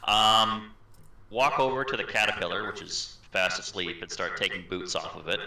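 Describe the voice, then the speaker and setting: A man's voice: fairly low pitch, steady tone, normal speed, bright, forceful tone. A man playing a tabletop game, matter-of-fact as he explains rules. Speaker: player. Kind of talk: casual tabletop play. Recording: echoey room.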